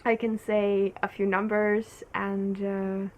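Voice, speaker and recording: A woman's voice: mid-range voice, level tone, takes it slowly. A young woman from Norway, hosting a casual knitting podcast in a rambling, giggly way, full of fillers. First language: Norwegian. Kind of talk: casual solo podcast chat.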